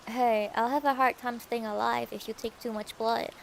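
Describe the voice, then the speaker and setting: A woman voicing a calm, cool young princess who speaks with composure. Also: on the high side, moderate pace, creaky, slight background noise. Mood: dry.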